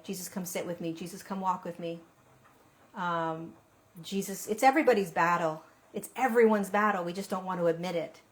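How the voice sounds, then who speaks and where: Earnest woman sharing spiritual testimony. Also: lowish voice. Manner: earnest, conversational, addresses listener directly. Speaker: spiritual speaker. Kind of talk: personal testimony talk.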